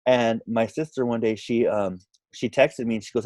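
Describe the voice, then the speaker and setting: A man tells a casual story in an animated way, jumping into quoted lines as he goes. His voice sits at a middling pitch. The recording is dry and close, with no room sound. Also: moderate pace, no room sound. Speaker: podcast guest.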